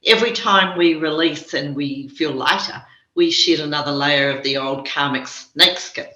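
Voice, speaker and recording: An older New Zealand woman with a bright, forceful tone talks gently and reflectively. Her voice comes over a video call that sounds muffled and echoey. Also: low voice, normal speed. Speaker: guest spiritual teacher. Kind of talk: casual conversation.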